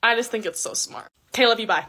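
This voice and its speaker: A woman's voice: a little high, quick pace, sharp tone. A young woman giving casual advice in a social media clip, rambling and swearing constantly. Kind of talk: casual video advice monologue.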